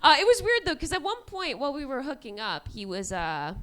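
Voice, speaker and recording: A woman in her twenties does a brisk stand-up set on a club stage in a high-pitched voice. Her delivery is deadpan, though she laughs at her own jokes.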